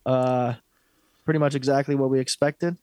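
A man's voice: medium pitch, steady tone, normal speed, mellow, dry recording. A man co-hosting a fight podcast, talking in a blunt, profane, opinionated way in casual sports chat. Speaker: podcast co-host.

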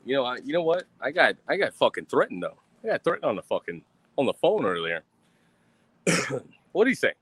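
A man's voice: medium pitch, big pitch swings, moderate pace, long pauses, a bit bright, husky, no echo. A man ranting defiantly on a live stream, swearing constantly and mocking his critics with sarcasm.

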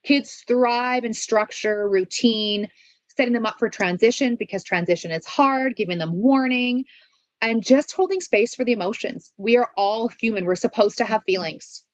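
A woman's voice: on the high side, normal speed, dry recording, dull audio. A woman giving parenting advice in an interview, earnest and coaching, asking many rhetorical questions and checking in with "right?". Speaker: parenting expert guest.

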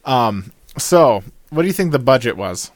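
A man hosting a casual movie review podcast, relaxed and jokey, with lots of ums. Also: mid-range voice, normal speed, no room sound. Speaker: podcast host.

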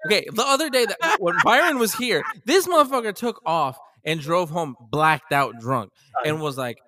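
A man in casual chat among friends, teasing and calling his buddies out. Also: sits high. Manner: teasing, animated, quick to call friends out.

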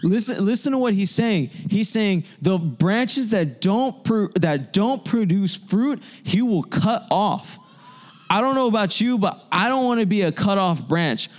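A young man preaching with a high, ringing voice. He talks fervently, circling back and repeating phrases to drive each point home, in the rhythm of a sermon to young adults. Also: expressive, a little slow. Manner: fervent, repetitive, restarts phrases for emphasis.

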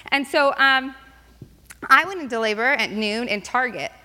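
A woman's voice: on the high side, moderate pace, bright, forceful tone. A woman in her thirties, speaking at a church gathering, leading a prayer and then telling a personal story in a chatty way with many fillers. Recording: long reverb in a large hall.

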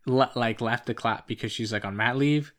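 A young man from Canada talks in a casual podcast chat, pitched in the middle of the male range. He tells a rambling story and keeps pressing to finish it when interrupted. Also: moderate pace, a bit bright. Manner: rambling storyteller, insists on finishing his point.

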